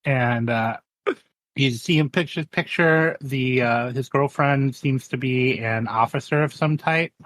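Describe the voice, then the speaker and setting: A man playing a tabletop game, describing his character in a rambling, halting, cinematic way. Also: medium pitch, no echo. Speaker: player. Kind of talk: casual tabletop game chat.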